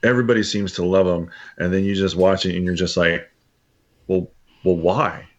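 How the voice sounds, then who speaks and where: A man co-hosting a film podcast in casual chat, musing in a rambling way and quick to laugh. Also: deep voice, steady tone, lo-fi sound. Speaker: podcast co-host.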